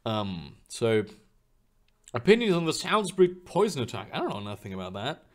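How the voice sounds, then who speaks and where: Man, lively rambling streamer chat. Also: medium pitch, normal speed. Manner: rambling, swears freely, frequent fillers and restarts. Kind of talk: casual live-stream chat. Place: home room.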